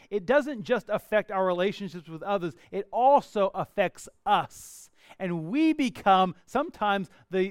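Male pastor, chatty animated sermon delivery, smooth resonant higher voice. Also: dry recording, studio quality. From Australia. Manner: conversational, animated preaching with acted-out asides.

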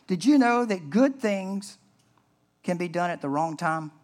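A man's voice: high voice, lively intonation, measured pace. A man preaching a sermon as pastor in an earnest, conversational way.

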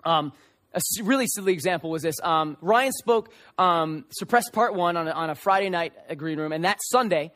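High-voiced young male preacher. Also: normal speed. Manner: earnest, animated storytelling with many restarts. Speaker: youth pastor. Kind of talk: sermon. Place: church service room before an audience.

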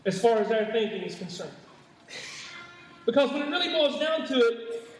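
A man preaching a sermon to his congregation, with emphatic repetition and frequent stammering restarts. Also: high-pitched. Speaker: pastor. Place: church sanctuary. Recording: echoey church hall, mic far off.

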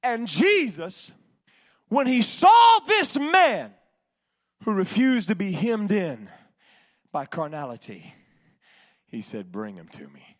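A male preacher delivering a sermon, swinging between shouted exhortation and hushed, drawn-out lines. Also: sits high, sing-song.

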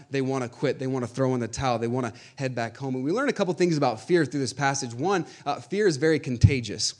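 A man's voice: medium pitch, fast talker, hardly any pauses. A man in his thirties, a pastor, preaching a conversational sermon with frequent fillers and restarts and reading scripture aloud.

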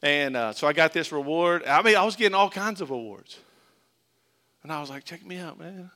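A man's voice: fairly high pitch, animated, brisk, sharp tone. A middle-aged man from Florida preaching a sermon in a conversational, joking way, mixing scripture with a story from his own childhood. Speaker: pastor.

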